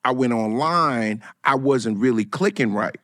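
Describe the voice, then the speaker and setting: A man swapping stories in a relaxed podcast chat, his voice at a middle pitch. He gets animated and breaks into high squealing laughs at the punchlines. The mic is close and dry. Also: unhurried, no echo. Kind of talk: casual storytelling chat.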